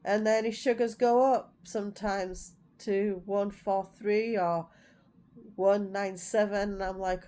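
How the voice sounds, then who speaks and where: A woman's voice: medium pitch, steady tone, unhurried, dark tone. A middle-aged woman vlogging in a rambling, casual way, repeating herself as she tells family stories. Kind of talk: casual chat to camera.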